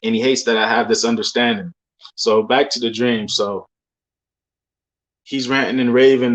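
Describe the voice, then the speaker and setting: A man's voice: mid-range voice, steady tone, moderate pace. A young man in a loose, rambling monologue full of slang and fillers, recounting religious dreams. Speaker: believer sharing dreams. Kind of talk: casual testimony monologue.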